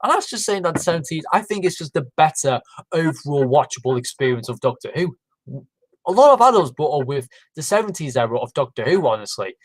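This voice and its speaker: A man's voice: a little high, very animated, brisk, no echo, rough recording. A man hosting a casual livestream, rambling with many fillers and restarts. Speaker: livestream host. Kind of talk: casual chat.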